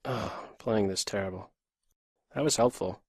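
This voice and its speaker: A man's voice: fairly low pitch, unhurried, a little mellow, husky, no echo, clean studio sound. A man in his thirties from Pennsylvania, USA, streaming live chess and muttering terse running commentary on his moves. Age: 30s. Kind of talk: live commentary while playing bullet chess.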